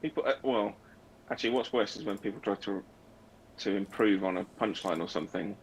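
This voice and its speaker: Low gravelly man, teasing co-host, noisy line. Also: brisk. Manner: teasing, rambling. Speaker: stream co-host. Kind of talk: casual gaming chat. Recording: noticeable background noise.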